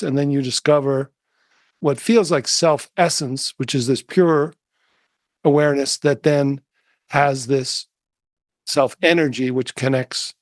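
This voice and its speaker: A middle-aged man, a meditation teacher, telling a personal story in a soft-spoken, musing way with many fillers and restarts. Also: medium pitch, no room sound. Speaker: interview guest, meditation teacher. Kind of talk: reflective storytelling.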